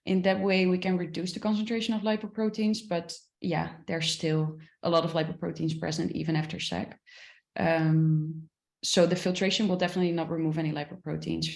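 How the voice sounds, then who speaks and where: A woman's voice: on the low side, flat delivery, a little fast, vocal fry, roomy sound. A woman researcher answering audience questions in a panel discussion, careful and full of fillers, over a video call. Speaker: presenting researcher.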